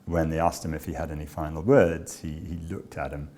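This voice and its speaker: A man with a notably low voice tells a personal story in an interview. He speaks in a measured, understated way and pauses often between thoughts. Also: fairly even intonation, a little mellow. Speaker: charity director.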